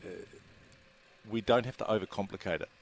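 A man, a racing industry chief executive giving measured, businesslike interview answers. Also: fairly low pitch.

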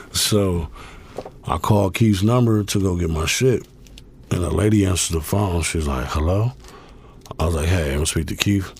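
A man's voice: deep voice, moderate pace, pauses often, husky. A man guest telling a long story in a laid-back, profane way, full of fillers. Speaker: interview guest. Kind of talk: casual storytelling.

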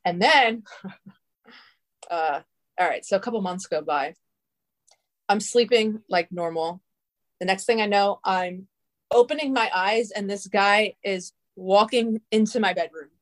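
A woman's voice: mid-range voice, measured pace, pauses often. A young adult woman telling a long story in casual, rambling talk, swearing often and filling her speech with "like". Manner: profane, filler-heavy, rambling.

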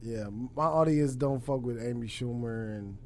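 A man's voice: medium pitch, moderate pace, a little mellow, slight background noise. A man from Los Angeles hosting a podcast, laid-back and teasing in casual chat. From Los Angeles, USA. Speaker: podcast host.

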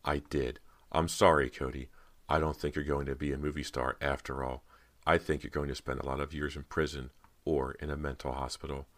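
Man doing a cold ghost girl, very deep. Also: no room sound. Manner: flat, cold, slow and mocking.

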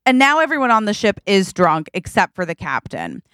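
Podcast co-host woman telling a funny story, lively, smooth clear voice, dry close sound. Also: medium pitch, brisk, no echo. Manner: animated, acts out quotes with a changing voice. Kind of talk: casual comedic storytelling.

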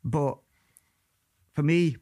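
A man, talking in a calm, coaxing way and guiding a mind-reading trick on a podcast. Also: very slow. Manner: calm, coaxing, drops to a soft low voice while guiding the trick. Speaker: mentalist guest. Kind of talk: casual chat.

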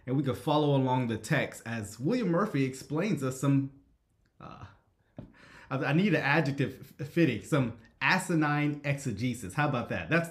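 A man's voice: mid-range voice, echoey room. A man hosting a live stream, talking casually with frequent "right?" checks and reading viewers' comments aloud. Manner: conversational, frequent "right?" checks, reads chat. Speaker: host.

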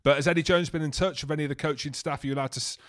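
A man's voice: fairly high pitch, steady tone, racing. A man co-hosting a podcast, chatting casually with laughing banter. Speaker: podcast co-host.

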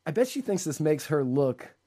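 Male co-host, dry sarcasm, mellow tone, slightly high voice. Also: very animated, moderate pace. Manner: sarcastic, rambling, laughs often. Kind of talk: casual political podcast chat.

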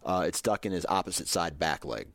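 A man's voice: low-pitched, lively intonation, brisk, a bit bright, no room sound, studio quality. A man hosting a casual interview, answering with short agreeing remarks and recapping what the guest said.

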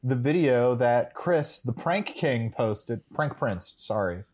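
Chatting casually while co-hosting a podcast, a man walks through an episode recap, wandering off track, correcting himself, and adding wry humor. His voice is medium-pitched, animated, and somewhat dark in tone, and his delivery is slow.

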